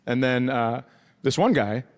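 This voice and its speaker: Onstage in a theater, a man with a medium-pitched voice takes his time telling a story in his stand-up routine. Profane, incredulous asides and quoted voices fill the set, and the live stage mic picks up crowd noise and laughter from the audience.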